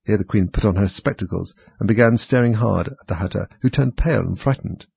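Very husky, low-voiced male narrator. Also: dry recording. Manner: steady, measured reading. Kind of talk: storybook reading. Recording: dry, slightly dull recording.

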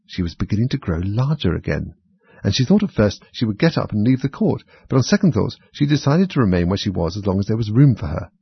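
A man reading a children's story aloud at a steady, measured pace. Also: on the low side, gravelly, husky, no echo. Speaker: narrator. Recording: dry, slightly dull recording.

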